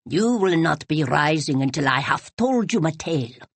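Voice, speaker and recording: A proud old widow with a commanding, formal way of speaking, as a woman reader puts her on. She speaks slowly and deliberately in a lowered, darker tone. The recording is close and dry, with no room sound. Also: animated, slightly rough, no room sound, full character voice. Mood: firm. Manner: slow, measured, formal speech.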